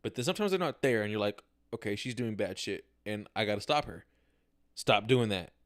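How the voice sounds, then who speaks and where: A man's voice: lowish voice, big pitch swings, fast. Candid, profane young man talking to camera. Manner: candid, profane, slangy, acts out his own reactions. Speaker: podcast host. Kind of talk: casual solo livestream monologue. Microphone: camera mic, talking to camera.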